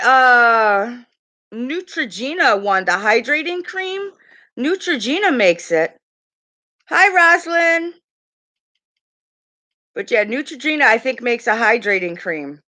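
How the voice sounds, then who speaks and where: A woman's voice: mid-range voice, bright, forceful tone. A middle-aged woman hosting a casual makeup livestream, chatting loosely with viewers, rambling and swearing now and then. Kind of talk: casual livestream chat reading comments.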